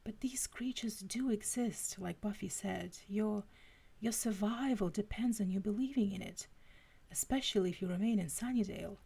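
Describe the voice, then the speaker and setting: A grave, scholarly British school librarian who speaks in a low, breathy half-whisper, as a woman puts him on. He stays earnest and measured, like a teacher warning a student. The voice has a gravelly fry underneath. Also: dark tone. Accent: British, put on.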